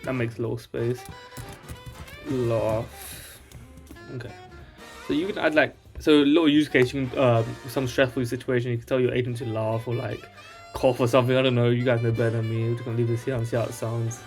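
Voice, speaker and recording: A man's voice: medium pitch, flat delivery, fast, faint music behind. Male tutorial host, casual and rambling, checks in with "alright?" constantly. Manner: rambling, tags lines with "alright?". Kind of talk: casual screen-share tutorial.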